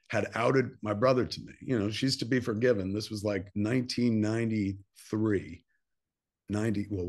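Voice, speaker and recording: A man in his fifties from New Jersey, a filmmaker telling a long personal story in a casual interview. He swears freely and acts out quoted dialogue in animated bursts. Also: fairly low pitch. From New Jersey, USA. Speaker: filmmaker guest.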